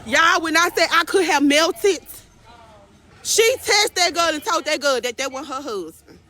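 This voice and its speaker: A woman's voice: high voice, unhurried, crowd noise, poor audio. Emphatic woman recapping, full of repeats. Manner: animated, emphatic, repeats phrases, addresses viewers as y'all. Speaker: trial recap vlogger. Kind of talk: casual emotional recap.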